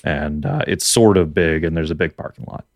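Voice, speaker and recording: A man's voice: extremely low pitch, normal speed, vocal fry, no echo, studio quality. A Canadian man with a Canadian accent chatting casually about video games on a podcast, rambling and restarting his sentences. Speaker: podcast co-host. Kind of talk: casual gaming chat.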